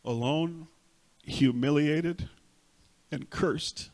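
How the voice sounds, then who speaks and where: A male pastor with a Texas Spanish accent, preaching a sermon and repeating each point in Spanish and then in English, swelling loud on emphasis. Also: medium pitch, normal speed. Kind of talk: bilingual sermon. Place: church sanctuary.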